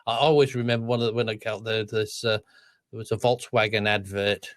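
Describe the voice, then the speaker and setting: A man's voice: lowish voice, fairly even intonation, a little fast, dry recording. Australian man in casual chat. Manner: chatty, repeats words when starting. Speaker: podcast co-host.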